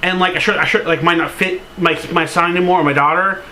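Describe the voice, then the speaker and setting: Male vlogger, high bright voice, rambling and filler-heavy, openly sentimental, casual cursing. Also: steady tone, fast talker, poor audio. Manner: open, sentimental storytelling. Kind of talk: casual to-camera vlog.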